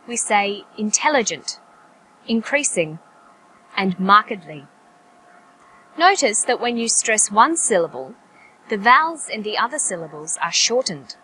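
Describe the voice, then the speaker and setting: Woman teaching english, careful and clear, bit of background hiss. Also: medium pitch, a bit bright, poor audio. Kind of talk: scripted lesson narration.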